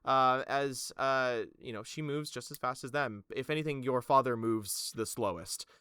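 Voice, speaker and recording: A man's voice: mid-range voice, normal speed, bright, forceful tone, smooth, dry recording, clean studio sound. A man narrating a tabletop game as game master, casual and full of fillers.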